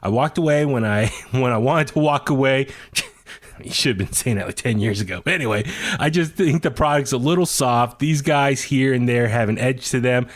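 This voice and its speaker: A man's voice: medium pitch, moderate pace. A man hosting a podcast in casual chat, rambling with many fillers and restarts as he reads quotes aloud. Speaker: podcast host.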